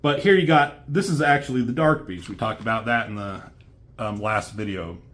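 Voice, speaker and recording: A man's voice: mid-range voice, moderate pace, a bit bright. A man casually reviewing a comic book, rambling loosely with fillers and the odd curse word.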